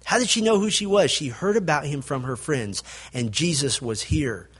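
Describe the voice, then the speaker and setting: A male pastor preaching a sermon, building to emphatic peaks and then dropping to a quiet, low delivery. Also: expressive, moderate pace, slightly rough.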